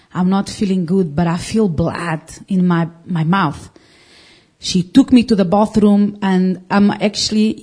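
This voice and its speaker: A woman tells her testimony before a congregation in a mellow, warm voice. She speaks earnestly, restarting sentences and phrasing things loosely as the story pours out. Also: on the low side, husky. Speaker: congregation member giving testimony. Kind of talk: personal testimony.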